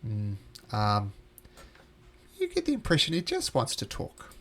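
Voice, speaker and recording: A man's voice: mid-range voice, huge pitch swings, a little slow, fairly bright tone. A man acting as game master, narrating a tabletop game in a loose, rambling way.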